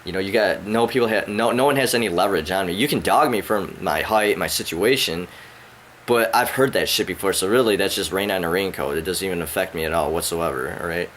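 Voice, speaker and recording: A man ranting angrily at someone he addresses directly, profane and rambling, his pitch climbing when he gets worked up. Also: fairly quick, fairly bright tone, slight background noise. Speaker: vlogger. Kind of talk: angry rant to the camera. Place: at home indoors.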